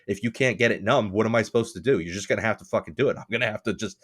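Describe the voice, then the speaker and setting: A man's voice: racing, slightly rough. Man, casual podcast chat, rambling storyteller, cursing, laughing. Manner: rambling storyteller, swears freely, laughs often; acts out other people's lines in a lower voice. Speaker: podcast co-host.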